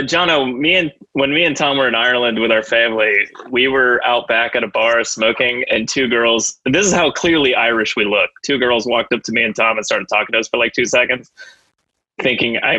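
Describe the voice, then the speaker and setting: A man with an American accent co-hosting a podcast, telling animated stories and laughing often. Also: mid-range voice, no echo, dull audio. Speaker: podcast co-host. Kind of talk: casual book discussion.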